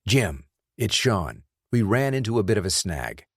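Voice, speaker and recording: A man's voice: fairly low pitch, big pitch swings, normal speed, slightly rough, no room sound. Man voicing a dry, wry tough guy. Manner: dry, sarcastic. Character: wry tough male ex-soldier.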